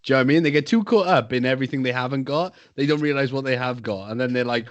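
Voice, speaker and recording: A man's voice: medium pitch, very fast, highs cut off. A man co-hosting a casual podcast chat, talking emphatically and profanely about staying positive. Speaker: podcast co-host.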